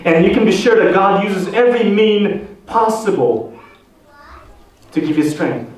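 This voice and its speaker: A man preaching a sermon as pastor, posing slow, deliberate rhetorical questions to the congregation. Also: high voice, sing-song, recorded from a distance. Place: church sanctuary. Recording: echoey church hall, voice from off the mic.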